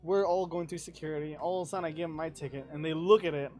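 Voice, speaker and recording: Soft music plays under a young man's racing, somewhat high voice as he shares a travel story as a podcast guest. The chat is casual, and he laughs and swears liberally, full of animation.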